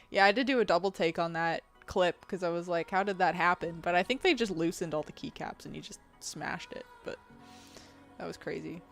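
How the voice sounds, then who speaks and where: Chatty woman streamer who laughs easily. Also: fairly bright tone. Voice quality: fairly deep for a woman. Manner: chatty, laughs often, answers chat messages aloud. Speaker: game streamer and video editor. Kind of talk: casual live-stream chat with viewers.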